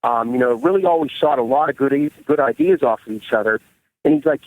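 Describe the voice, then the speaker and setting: A man's voice: medium pitch, a little fast, no room sound, narrow, tinny audio. Candid, profane man telling stories. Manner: candid, profane, animated retelling. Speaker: guest bodybuilder. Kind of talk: casual storytelling interview.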